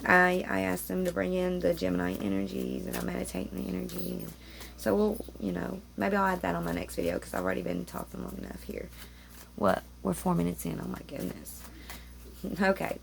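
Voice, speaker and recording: A woman chats her way into a tarot reading from a room at home, rambling and interrupting herself as she goes. Her voice carries a heavy gravelly fry. A faint hiss of room noise sits under her talk. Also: medium pitch. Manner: rambling, chatty, self-interrupting. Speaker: tarot reader. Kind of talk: casual spiritual chat to camera. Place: home room with roommates nearby.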